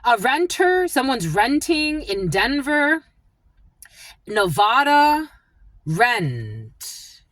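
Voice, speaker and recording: Woman psychic reader, slow and halting, lively pitch, dry close sound. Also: no room sound. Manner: halting, repeats words as they come to her. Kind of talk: channeled collective reading.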